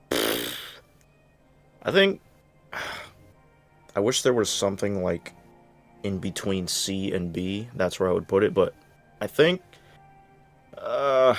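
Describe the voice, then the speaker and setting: A man co-hosting a casual chat, speaking hesitantly with fillers and sighs. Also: on the low side. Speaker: co-host.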